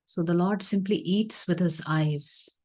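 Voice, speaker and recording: Woman, spiritual teacher, devotional storytelling, gentle earnest delivery, acts out dialogue. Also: fairly low pitch, a little slow. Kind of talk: storytelling scripture talk. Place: online session.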